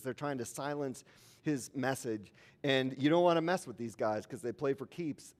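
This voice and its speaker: A man preaching a sermon as a pastor, in an informal, conversational way with asides to the congregation. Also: medium pitch.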